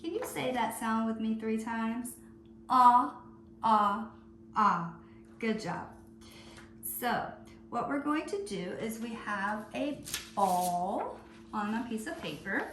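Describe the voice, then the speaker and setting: A woman teacher leading a phonics lesson for young children, calling out words slowly and stretching out the sounds. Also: a little high, expressive, reverberant, slight background noise. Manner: slow, drawn-out word calling.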